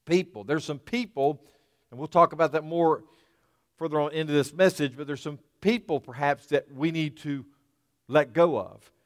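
A man's voice: on the high side, normal speed. A man preaching a sermon as pastor, earnest and emphatic, often repeating and restarting phrases. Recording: long hall reverb.

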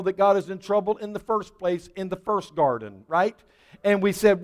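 Folksy pastor preaching in a reverberant church. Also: male voice, sits high, big pitch swings, normal speed. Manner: folksy, conversational, grows fervent and louder in prayer. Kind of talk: sermon. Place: church sanctuary.

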